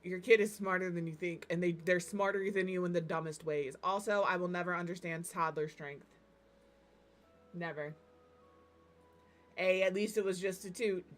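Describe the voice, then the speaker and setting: Woman streamer just chatting while she builds, giggly storytelling, kinda low voice. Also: fairly even intonation, normal speed, pauses often, soft background music. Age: adult parent. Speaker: game streamer. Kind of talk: casual chat while building in a game.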